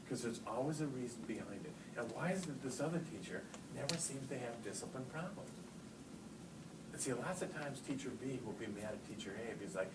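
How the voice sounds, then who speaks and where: A middle-aged man giving a live talk to teachers and parents, telling stories in an animated way and getting loud for punch lines. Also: mid-range voice, a little fast. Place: large hall with audience. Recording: echoey hall, distant mic, noisy.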